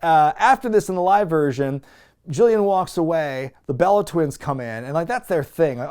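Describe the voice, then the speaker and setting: A man hosting a wrestling review show, giving a casual, sarcastic, animated recap with some swearing. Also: on the high side, moderate pace, clear, resonant tone.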